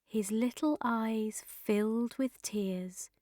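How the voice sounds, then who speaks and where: A woman reading a children's story aloud in a slow, clear, expressive way. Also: fairly high pitch.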